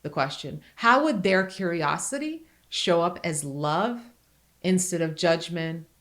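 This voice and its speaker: A middle-aged woman speaking earnestly and with emphasis, as if making a heartfelt point on a podcast. Her voice sits a little low for a woman. She rises in pitch when she presses her point home. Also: animated, measured pace, a bit bright. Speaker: podcast co-host. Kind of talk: casual podcast conversation.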